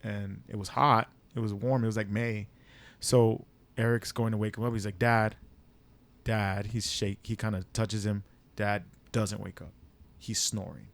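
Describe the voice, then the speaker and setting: A man's voice: fairly low pitch, steady tone, moderate pace, creaky. A young man co-hosting a podcast, telling a family story in casual chat, cursing freely and acting out what people said. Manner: swears freely, relives scenes in quoted dialogue. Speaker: podcast co-host.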